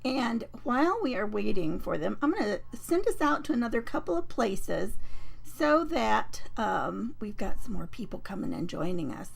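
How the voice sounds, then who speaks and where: A woman hosting a papercraft live stream, chatting casually and rambling with many fillers and restarts, her voice a bit croaky. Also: medium pitch, sing-song, normal speed. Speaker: host of a papercraft livestream.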